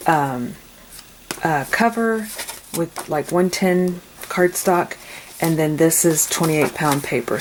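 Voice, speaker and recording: A woman hosting a craft channel, talking casually through a tutorial at home late at night in a low-key, quiet monotone. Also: noisy background.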